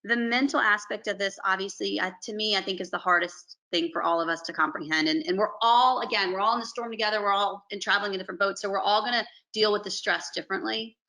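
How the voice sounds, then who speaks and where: A periodontist woman from Alabama, talking earnestly and warmly over a video call on a panel. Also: medium pitch, steady tone, quick pace, hardly any pauses, low-quality recording. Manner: earnest, effusive, says "y'all".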